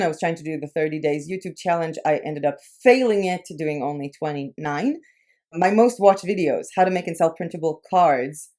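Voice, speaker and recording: Woman, young adult, Americanized Israeli accent, low voice, chatty, casual vlog. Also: darkish tone. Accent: English with a light Israeli accent, Americanized. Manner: chatty, frequent "like" fillers. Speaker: YouTube creator.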